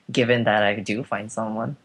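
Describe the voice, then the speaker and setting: A woman from Puerto Rico, a podcast guest, chatting in a teasing, playful way with short replies. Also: rumbling low. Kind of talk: casual podcast chat.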